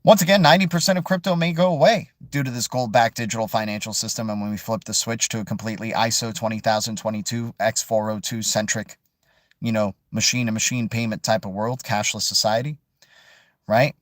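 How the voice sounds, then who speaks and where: A man's voice: on the low side, brisk, dry recording, studio quality. A man hosting a casual live chat stream, rambling and joking with viewers and calling them "dude" and "man". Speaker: crypto livestream host.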